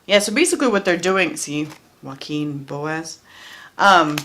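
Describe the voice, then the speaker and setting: A woman's voice: low-pitched, expressive, measured pace, bright, forceful tone, a little hiss or hum. A woman doing a casual tarot card reading, chatty and blunt, who often repeats her phrases and swears freely. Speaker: tarot reader.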